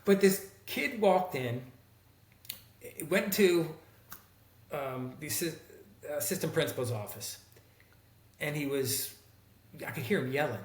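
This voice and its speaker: A middle-aged man, a former teacher, recounts stories in a relaxed conversation, slipping into the voices of the people he quotes. His voice sits somewhat high for a man. The sound carries a noticeable room echo. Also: unhurried, pauses often. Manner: animated storyteller who acts out quoted people. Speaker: guest, former teacher and school counselor. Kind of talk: casual storytelling conversation.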